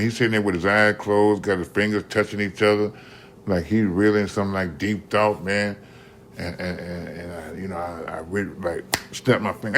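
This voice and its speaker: Low-voiced man telling a slangy story. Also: a little fast, a little hiss or hum. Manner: animated, slangy, repeats "man" often, restarts mid-sentence. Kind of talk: casual storytelling monologue.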